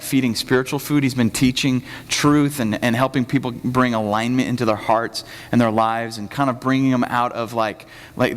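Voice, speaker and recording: A man preaching a conversational sermon as the pastor of a church, telling the story casually and acting out the quotes. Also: medium pitch. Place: church sanctuary. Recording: reverberant church hall.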